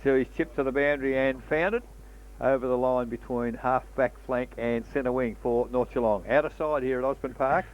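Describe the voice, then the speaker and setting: A man's voice: medium pitch, steady tone, normal speed. A man with an Australian accent calling a local football match, talking casually and filling gaps with "uh" between plays. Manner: conversational, slips in fillers between play calls. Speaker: football commentator. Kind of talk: local radio football commentary. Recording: dull lo-fi broadcast audio.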